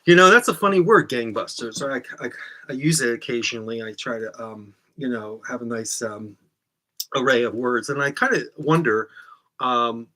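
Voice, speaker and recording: A man hosting a comedy show, talking straight to the camera in a meandering, deadpan monologue full of ums, from inside a small closet. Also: mid-range voice, normal speed. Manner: meandering, full of ums, bursts into loud put-on shouts. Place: small room, a large closet.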